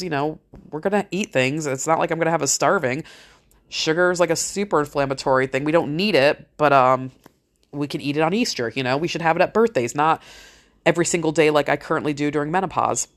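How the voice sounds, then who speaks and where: A middle-aged woman talking in a frank, rambling, motivational monologue, swearing freely as she speaks to her listeners. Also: low voice. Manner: blunt, heavy swearing, frank. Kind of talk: casual monologue.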